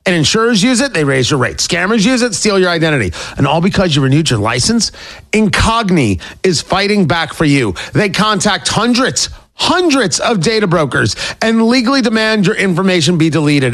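A man's voice: sits high, a bit bright. A man hosting his own show, reading a sponsor ad with emphatic repetition. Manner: emphatic, repeats points for stress. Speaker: radio show host. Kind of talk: host-read sponsor ad.

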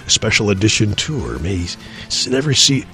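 A man putting on a deep movie trailer announcer voice. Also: very animated, normal speed, heavy background noise. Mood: dramatic. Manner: dramatic, deep announcer delivery.

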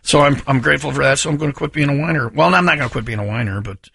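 A man's voice: mid-range voice, very fast, gravelly, pushed and bright, breathy edge, dry recording, studio quality. A man hosting a morning radio show, telling rambling, self-mocking stories in casual banter.

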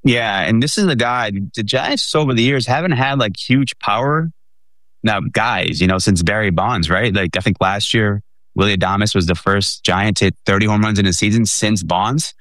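A man co-hosting a sports talk show, talking in an animated way with many fillers. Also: fairly low pitch, normal speed, dry recording.

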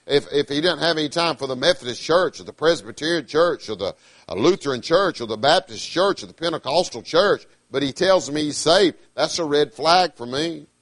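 A middle-aged man, preaching a sermon with emphatic, swinging delivery, loud declarations dropping to quiet asides. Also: a little high, lively intonation, moderate pace, no echo.

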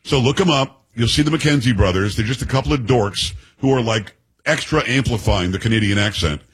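A man's voice: mid-range voice, brisk, breathy edge, low-quality recording. Chatty American man hosting a talk show. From United States. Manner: chatty, restarts, sarcastic asides. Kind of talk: casual political commentary.

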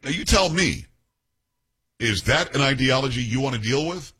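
Husky-voiced male radio talk host. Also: medium pitch, lively intonation, moderate pace, bright, forceful tone. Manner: opinionated, emphatic, tells stories in character voices.

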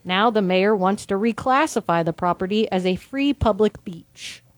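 A woman's voice: mid-range voice, moderate pace, no echo. A woman host reading odd news stories aloud in a casual, wry way, breaking into laughs now and then.

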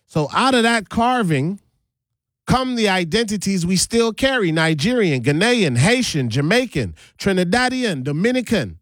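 A man's voice: high-pitched, sing-song, moderate pace, a bit bright, no echo, clean studio sound. A man from the US Virgin Islands with a Virgin Islands Creole accent, hosting an earnest radio monologue. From United States Virgin Islands. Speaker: radio host.

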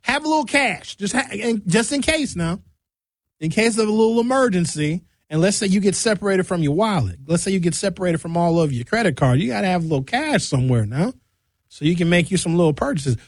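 A man's voice: high-pitched, no echo. A man hosting a radio show, rambling through a bawdy comic monologue. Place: radio studio.

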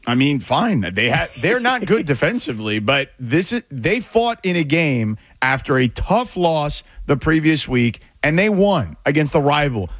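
A man's voice: fairly high pitch, very animated, moderate pace, hardly any pauses, a bit bright, no echo. A man co-hosting a sports talk show, pushing back in a casual debate, often stammering as he restarts his points.

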